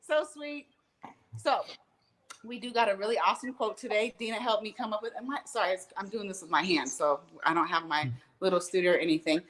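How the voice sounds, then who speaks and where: A woman's voice: medium pitch, a little fast, fairly bright tone. A woman joining a livestream over a video call, chatting in a bubbly, affectionate way. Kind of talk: casual livestream chat.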